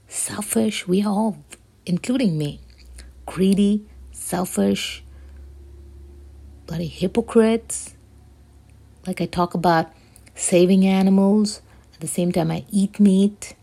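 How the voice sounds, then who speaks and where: Female host, casual solo commentary, rambling and blunt, lowish gravelly voice. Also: a little mellow. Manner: rambling, emphatic, swears often. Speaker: show host.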